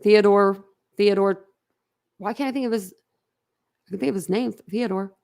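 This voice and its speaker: Gravelly, blunt woman. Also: mid-range voice, moderate pace, a little mellow. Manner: rambling, blunt, laughs often. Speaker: livestream host. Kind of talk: casual chat with live viewers.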